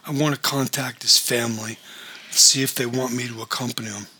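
A man reading the lines of a calm, businesslike male school administrator who takes charge. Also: mid-range voice, brisk, slight background noise.

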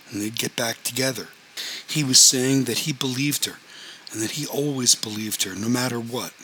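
A man narrating an audiobook in an even, plain way. His voice is bright and crisp, and a faint hiss sits under the recording. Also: mid-range voice, rough recording. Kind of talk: audiobook story reading.

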